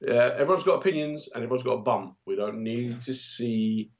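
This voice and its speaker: A man's voice: mid-range voice, fairly quick, highs cut off. A middle-aged man, co-hosting a casual chat, blunt and joking, often putting on voices to act out other people. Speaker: podcast co-host.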